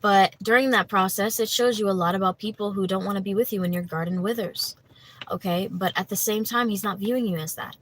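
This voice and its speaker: A woman's voice: mid-range voice, a little fast, slight background noise, poor audio. A woman doing a livestream tarot reading, chatty and full of fillers, talking to her viewers by name. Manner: chatty, many fillers like "you know" and "like"; laughs easily, talks to viewers by name. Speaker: tarot reader.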